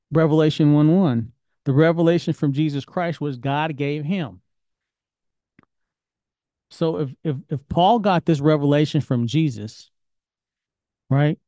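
A man's voice: fairly high pitch, dark tone, no echo. A man teaching an informal Bible study lesson, talking in a conversational, questioning way. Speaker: Torah teacher.

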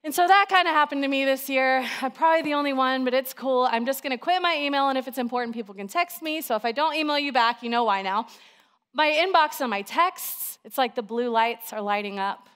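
Woman pastor, sermon, chatty storytelling, fillers, smooth resonant voice. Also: sits high, a little fast, fairly bright tone.

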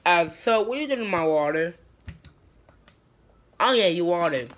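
A woman's voice: on the low side, lively intonation, measured pace, long pauses, soft background music. A woman performing a brash, profane comedy skit, switching between characters.

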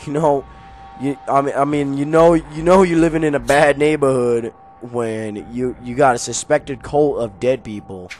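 A young man giving casual, jokey commentary while playing a video game, often yelling at enemies. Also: mid-range voice, normal speed, faint music behind. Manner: excitable, jokey, yells at enemies. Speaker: gaming YouTuber.

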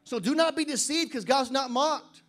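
A male pastor preaching a sermon at a church service. He swings between loud emphatic declarations and quiet joking asides, and reads scripture slowly and deliberately. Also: extremely high pitch.

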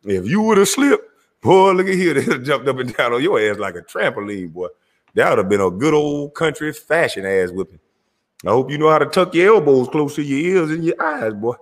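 A man with a lively, swinging voice riffs crudely over video clips, heckling and cackling between lines. His voice rings out with a long hall-like reverb around it. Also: medium pitch, brisk. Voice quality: loud, crude and heckling, laughing often. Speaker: commentator reacting to clips. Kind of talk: rowdy comedic commentary.

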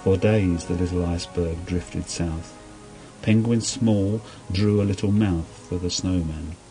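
A man gently reading a children's story aloud in an unhurried storybook manner. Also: low voice, poor audio.

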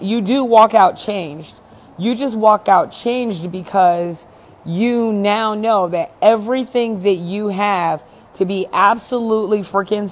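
A woman hosting a casual live chat with viewers, talking in a blunt, emphatic way and swearing freely. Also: mid-range voice. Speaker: event host and speaker.

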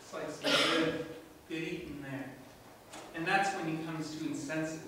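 A man's voice: a little high, unhurried, long pauses, bright, forceful tone, a little hiss or hum. A man preaching a sermon in a church, telling a story with animation and asking the congregation questions. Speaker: pastor. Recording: echoey room from far off.

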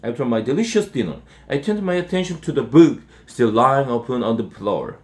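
Man reading a storybook aloud, halting. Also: mid-range voice, lively intonation, darkish tone. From South Korea. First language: Korean. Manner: halting, with frequent restarts. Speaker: English teacher. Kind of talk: reading a children's novel aloud.

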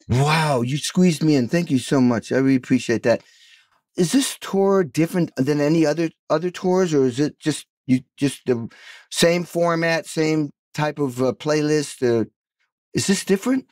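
A man's voice: a little high, normal speed, a little mellow, dry recording. A man in his sixties hosting a podcast, enthusiastic and effusive as he introduces and questions his guest. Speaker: podcast host. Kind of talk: interview hosting.

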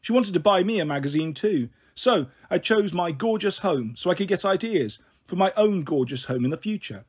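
Husky male storyteller, lively and high. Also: a little fast, hardly any pauses. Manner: expressive first-person narration. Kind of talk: audiobook reading of a children's novel.

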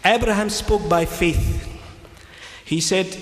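Retelling scripture in a lecture, this Christian speaker repeats his key phrases and uses non-native English phrasing. His slightly high voice is expressive at normal speed, with a little hiss or hum, recorded in an echoey hall with faint ambience.

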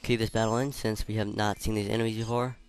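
A man playing a video game and chatting about it in casual commentary, swearing freely and reacting loudly. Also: fairly low pitch, level tone, fast talker, clean tone. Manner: reads game dialogue aloud in between remarks. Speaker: let's player.

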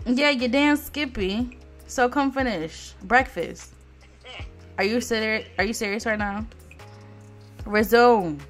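A woman's voice: fairly high pitch, takes it slowly, pauses often, a bit bright, faint music behind. A woman casually commentating her life simulation gameplay, sassy and profane, chatting straight to her viewers. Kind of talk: casual let's play commentary.

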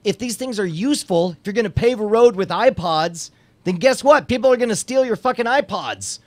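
A man co-hosting a podcast in casual chat, excitable and ranting, with frequent swearing. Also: sits high, brisk. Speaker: podcast co-host.

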